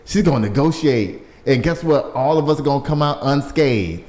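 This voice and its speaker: A man's voice: mid-range voice, moderate pace. A man hosting a casual news show, reading stories and riffing on them with lots of laughter. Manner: animated, laughing, riffs on stories.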